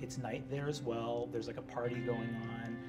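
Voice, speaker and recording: A man's voice: mid-range voice, little pitch movement, moderate pace, over loud music. A man narrating a tabletop game as game master, in a loose style with lots of "um" and "you see". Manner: casual, filler-heavy narration.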